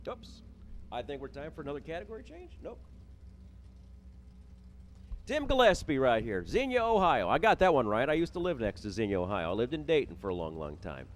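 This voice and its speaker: A man's voice: medium pitch, big pitch swings, fairly quick, long pauses, slight background noise. A man calling drag races live as announcer, rattling off names, towns and times with a jokey, self-deprecating manner. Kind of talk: live race commentary. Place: drag strip. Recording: loud race cars behind the voice.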